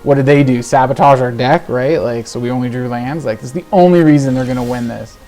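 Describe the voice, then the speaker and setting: A man commentating his own card game, ranting in exasperation and swearing, swinging between low muttering and sudden shouts. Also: quick pace, faint music behind. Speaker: gaming video host. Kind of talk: live gameplay commentary.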